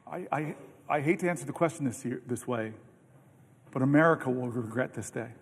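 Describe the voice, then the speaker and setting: A man in his fifties, a senator giving a long floor speech, telling stories in an earnest, animated way with halting restarts. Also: medium pitch, husky. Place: large legislative chamber. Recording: long reverb of a large chamber.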